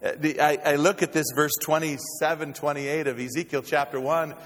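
A man preaching a sermon as pastor, with dynamic delivery that swings from loud exclamations to hushed low tones. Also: level tone, moderate pace, hardly any pauses, slight background noise. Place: church sanctuary. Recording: reverberant hall.

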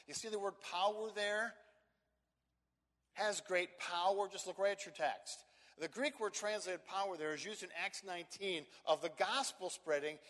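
A man with a high-pitched voice delivers an expository sermon in a church sanctuary. He is emphatic, repeats words, and slows down to stress key phrases. A long hall reverb trails every phrase. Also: fairly bright tone. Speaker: pastor.

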